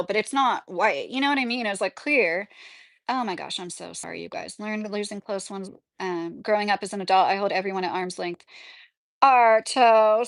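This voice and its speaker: A woman's voice: a little high, dry recording, studio quality. A woman from New Jersey hosting a livestream, chatting casually and reading viewer comments, rambling and laughing often. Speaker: livestream host.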